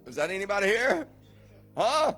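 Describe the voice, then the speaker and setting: Pastor preaching, quiet to shouting. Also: male voice, fairly high pitch, soft background music. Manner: informal preaching, repeats words, asks the room questions; swings from quiet and slow to loud and shouting. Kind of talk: sermon to a recovery group.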